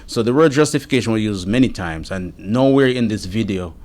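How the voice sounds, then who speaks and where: A man with a notably low, deep voice gives testimony. His account is steady and earnest, and he recounts what happened in order. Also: fairly quick. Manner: earnest, steady retelling with frequent quoted dialogue. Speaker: interviewee giving testimony. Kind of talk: first-person account of an incident.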